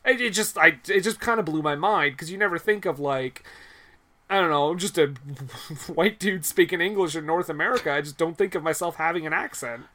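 A man's voice: fairly high pitch, brisk, pushed and bright. A Canadian man co-hosting a casual podcast chat, laughing often, swearing and restarting his sentences. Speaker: podcast co-host.

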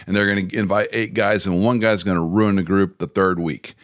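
A middle-aged man hosting a podcast, telling stories in a folksy way and getting animated when he quotes others. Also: low voice, fairly quick, no echo, clean studio sound. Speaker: podcast host. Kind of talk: podcast interview conversation.

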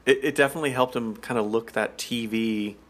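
A man's voice: medium pitch, steady tone, fairly quick, a bit bright. Guy cohosting a podcast, chatty, laughs a lot, loose fillers. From United States. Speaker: podcast co-host. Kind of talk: casual chat.

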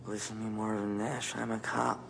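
Gravelly low undercover cop. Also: male voice, little pitch movement, a little fast, a bit bright. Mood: urgent. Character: gruff undercover cop in a crime film. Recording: film clip with noisy ambience.

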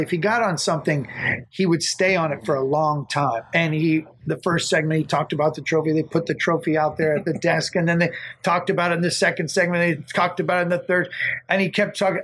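A man telling stories as a guest in a casual interview, animated and acting out quotes with laughs. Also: a little high, a little hiss or hum, rough recording. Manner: animated storyteller, acts out quotes with shouts and laughs. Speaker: guest, golf TV host.

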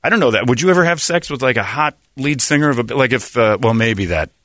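A man's voice: mid-range voice, expressive, fast, fairly bright tone, dry recording, studio quality. A middle-aged man hosting a podcast, telling rambling, crude, jokey stories in casual chat. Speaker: podcast host.

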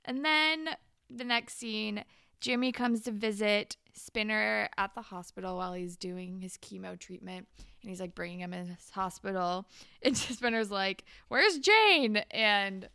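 A woman's voice: mid-range voice, measured pace, gravelly, smooth, dry recording, studio quality. A young woman co-hosting a podcast, recapping a TV episode in casual chat and acting out characters' lines with lots of laughs. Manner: animated, laughs often, acts out characters' lines. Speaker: podcast co-host.

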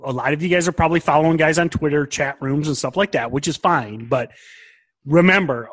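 A male podcast host with a fairly high voice, driving home trading advice with emphasis. His voice is recorded dry and close, with no room sound. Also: fairly bright tone, no echo. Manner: emphatic, advising. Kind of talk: casual podcast chat.

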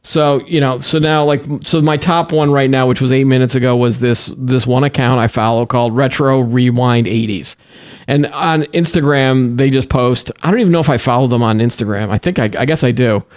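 A man's voice: medium pitch, a little fast. Rambling middle-aged male podcast co-host. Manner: rambling, many restarts and fillers. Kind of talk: casual tech chat.

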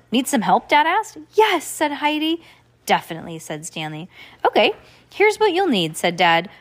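A young adult woman hosting a podcast, reading a children's storybook aloud with playful asides. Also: medium pitch.

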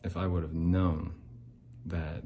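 A man's voice: sits low, flat delivery, slow pace, mellow, a little hiss or hum. A man hosting a podcast, talking in a rambling, sarcastic and bitter monologue with frequent restarts. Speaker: podcast host.

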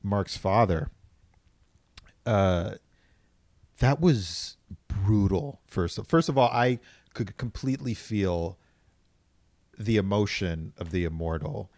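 A man chatting casually about a TV show, halting and hesitant with many fillers, laughing often. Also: fairly low pitch, animated, darkish tone, dry recording, clean studio sound.

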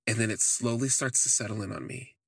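In a dry recording, a man with a lowish, husky voice talks briskly as he shares a first-person story on his podcast. His telling is loose and candid, packed with "like" fillers.

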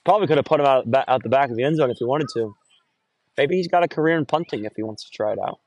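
A young man doing casual, rambling play-by-play of a high school football game outdoors, recorded on a phone, often correcting himself and getting excited on big runs. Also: racing, no echo, muffled recording. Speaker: play-by-play announcer.

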